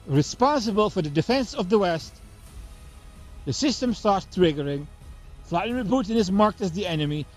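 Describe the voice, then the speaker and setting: A man delivering a profane, mocking political rant, swinging between loud outbursts and low muttering. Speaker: political commentator. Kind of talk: ranting monologue. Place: Germany.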